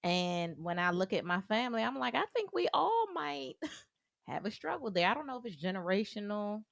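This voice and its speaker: A woman's voice: mid-range voice, very animated, normal speed, creaky, no echo, clean studio sound. Reflective woman on a podcast. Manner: reflective, raises questions, laughs often. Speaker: podcast co-host. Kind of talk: casual chat.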